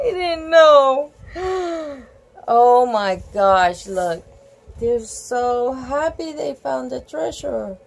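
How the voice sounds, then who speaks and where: A woman's voice: high voice, vocal fry, rough recording. A woman reading a picture book aloud, gasping and exclaiming over the pictures with chatty asides. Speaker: storybook reader.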